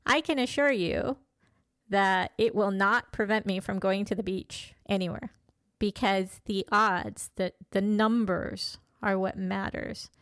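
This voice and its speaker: A woman in her fifties speaks candidly in a personal monologue, often pausing and restarting as she gathers her thoughts. Her voice is smooth and resonant, and it sits at a middling pitch. The sound is dry and close, with no room echo. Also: fairly bright tone. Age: 50s. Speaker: vlogger.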